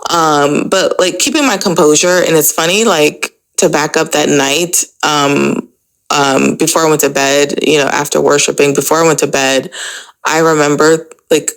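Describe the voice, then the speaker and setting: A woman's voice: deep voice, fairly even intonation, moderate pace, gravelly, rough recording. A woman hosting a podcast, telling a personal story in a casual, chatty way, full of "like" and "you know". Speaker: podcast host.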